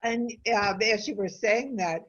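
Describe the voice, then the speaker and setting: A woman hosting an interview, asking questions in a gentle, measured way, on a dull lo-fi recording. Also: mid-range voice, breathy edge. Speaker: host. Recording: dull lo-fi sound.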